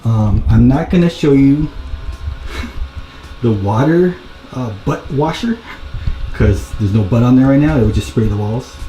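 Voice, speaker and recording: A man giving a casual vlog tour of a rental house, keeping his voice hushed and low-key so he doesn't wake anyone. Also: lively intonation, measured pace, pauses often, slight background noise. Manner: hushed, low-key, trying to stay quiet. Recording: roomy indoor sound with background music.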